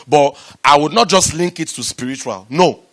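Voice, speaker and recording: A man giving a lively motivational talk to a live audience about raising startup money, repeating himself and rising to loud, emphatic bursts. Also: fairly high pitch, normal speed. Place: event room with an audience.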